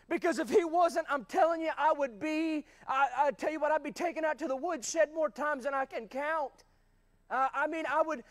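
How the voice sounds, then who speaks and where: A man preaching a sermon in a church, fervent and rising to shouts at times, calling out to the congregation. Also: very high voice. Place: church sanctuary.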